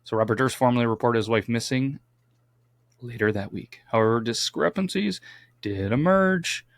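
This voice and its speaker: Male podcast co-host, gravelly, dry close mic, relaxed true crime storytelling with wry asides. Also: medium pitch, normal speed, no echo. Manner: reads case notes, adds wry asides.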